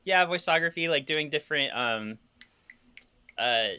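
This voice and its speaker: A man's voice: on the high side, expressive, measured pace, pushed and bright, smooth, no echo. A man hosting a podcast, upbeat and playful, sometimes fumbling for words. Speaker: podcast host. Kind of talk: casual podcast chat.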